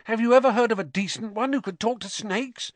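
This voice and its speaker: A man voicing a stout, solemn schoolboy wizard who gossips in a conspiratorial hush. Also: a little high, huge pitch swings, normal speed, no echo, voice pushed up, exaggerated voice.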